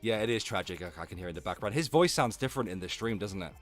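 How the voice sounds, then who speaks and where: A man's voice: fairly low pitch, animated, rapid-fire, soft background music. A man with an English accent from the London area, hosting a live stream in a casual, swearing, chatty way. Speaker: streamer host.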